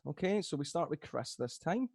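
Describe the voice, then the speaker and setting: A man's voice: fairly high pitch, very animated, moderate pace, creaky, a little mellow, husky, dry recording. A man hosting a comedy game show over a video call, teasing the players and laughing at his own jokes.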